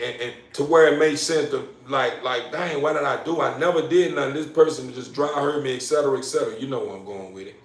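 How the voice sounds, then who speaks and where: A man telling a profane personal story, repeating phrases and building excitement as he goes. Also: mid-range voice, slight background noise. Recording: roomy, from a distance.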